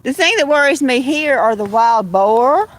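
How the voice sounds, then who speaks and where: Her voice is high, with lively intonation and a normal speed. She's a livestream host outdoors on her phone, chatting loosely with her cats and viewers while heading to a field with the kittens.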